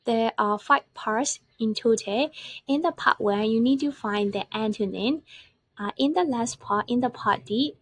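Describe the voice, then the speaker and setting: A woman's voice: a little high, unhurried, no room sound. Patient woman teaching vocabulary. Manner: patient, explains step by step, repeats words to model stress. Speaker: English teacher. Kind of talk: vocabulary lesson over slides.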